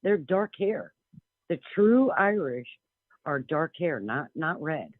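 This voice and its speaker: Over a tinny telephone line, a male caller to a radio show tells a long personal story, earnest and rambling, restarting often. His voice is fairly high with big pitch swings, and he speaks slowly, with no echo.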